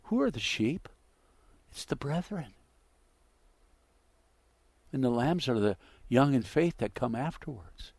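A man preaching a sermon, acting out the quoted dialogue with big swings between loud and hushed delivery. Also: mid-range voice, lively intonation, takes it slowly, pauses often, slightly rough, no echo. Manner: dramatic, acts out quoted dialogue with wide swings in loudness.

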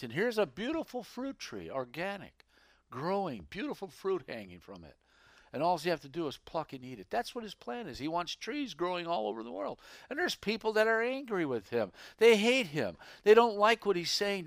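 Male preacher, sermon, lively swooping pitch, dry close sound. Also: dry recording. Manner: dramatic, swinging from hushed to emphatic.

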